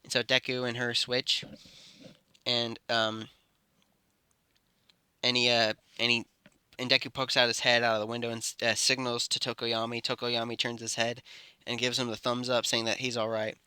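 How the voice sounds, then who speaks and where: A man's voice: mid-range voice, monotone, normal speed, long pauses, sharp tone, clear, resonant tone, dry recording. A man telling an improvised fan story, rambling and correcting himself as he goes. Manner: rambling, self-correcting narration. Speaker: YouTube storyteller.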